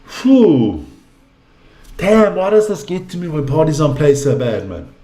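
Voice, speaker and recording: A man's voice: fairly high pitch, sing-song, moderate pace, mellow. Ranting man in an echoey room. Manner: exasperated, ranting, swears freely. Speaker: live-stream basketball commentator. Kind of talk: casual profane live commentary.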